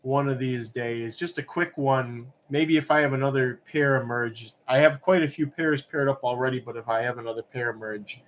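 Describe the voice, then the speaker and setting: A man's voice: mid-range voice, normal speed, few pauses, a little hiss or hum. A man hosting a live-stream auction, chatting casually and rambling with lots of fillers. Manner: relaxed, rambling, many fillers.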